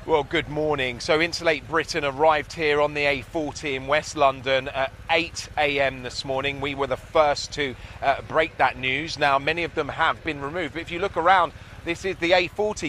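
Bright-voiced male street reporter. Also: fairly high pitch, fairly even intonation, slight background noise. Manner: brisk, hesitant with fillers. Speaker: field reporter. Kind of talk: live outdoor news report. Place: roadside outdoors in a city.

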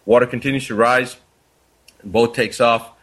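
A doctor appearing as a guest tells a parable in an earnest, conversational storytelling style, quoting dialogue along the way. His voice is medium-pitched and a bit bright, with a steady tone at normal speed.

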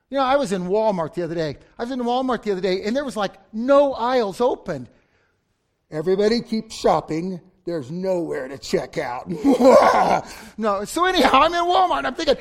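A man preaching a sermon, swinging from loud outbursts to near-whispers, acting out story voices with humor. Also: high voice, expressive, moderate pace. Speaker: pastor.

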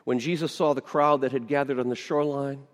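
A middle-aged man, a pastor, telling stories in a sermon, swinging between loud, lively lines and hushed ones. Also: mid-range voice, fairly quick. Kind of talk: storytelling sermon. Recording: long hall reverb.

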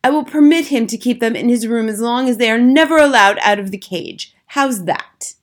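A woman's voice: fairly high pitch, normal speed, pitched above the performer's own voice, close to an everyday voice. A woman voicing a pompous, bristly male hotel manager in a storybook reading, stiff and formal. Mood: conceding.

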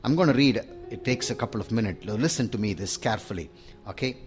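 A man's voice: on the low side, lively intonation, fast, soft background music. A man preaching a sermon in an emphatic, rhythmic storytelling manner.

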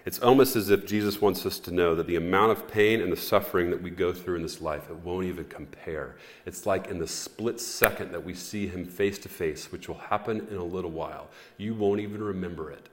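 A man preaching a sermon as pastor, in an earnest, measured way with pauses and fillers. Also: low voice. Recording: echoey hall reverb.

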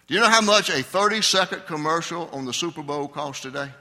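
A man's voice: a little high, a little fast, bright, forceful tone. An older man preaching a conversational Sunday sermon, asking his congregation questions. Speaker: pastor. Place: church sanctuary. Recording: long hall reverb.

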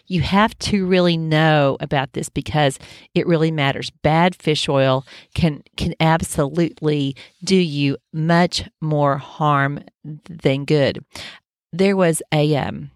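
A woman's voice: sits low, unhurried, no room sound, clean studio sound. A middle-aged woman giving an informal health talk in a conversational, reassuring way, with frequent fillers. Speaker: health educator.

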